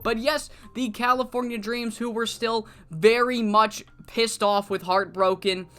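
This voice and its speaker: A woman hosting a video series, casually recapping her wrestling management game save with a lively, swearing manner. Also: a little high, measured pace.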